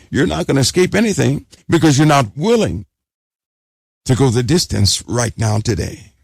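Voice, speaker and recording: A man's voice: medium pitch, very animated, moderate pace, vocal fry, breathy edge, no echo, clean studio sound. A man preaching an urgent sermon, exhorting listeners and repeating phrases for emphasis.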